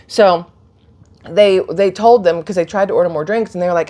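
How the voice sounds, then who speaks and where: Talking into her phone at a moderate pace, this vlogger has a voice on the low side. She chats through a casual story with plenty of energy, playing each character, and her retelling is full of laughs and gasps.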